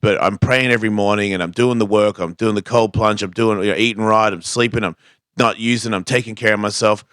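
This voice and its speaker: Bright, lively storytelling man. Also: lowish voice, brisk, smooth, no room sound, studio quality. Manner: animated storyteller, acts out quoted voices. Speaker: guest skateboarder. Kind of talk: casual storytelling.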